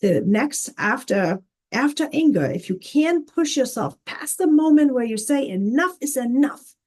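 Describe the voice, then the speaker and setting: Woman, life coach, casual teaching, earnest, repetitive, mellow tone. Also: high voice. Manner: earnest, repeats words, frequent "okay?" and "right?".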